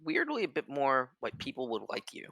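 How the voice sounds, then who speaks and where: A man's voice: medium pitch, wildly swooping pitch, a little fast, creaky, a bit bright, no echo. A man narrating as game master of a tabletop game, rambling with lots of fillers.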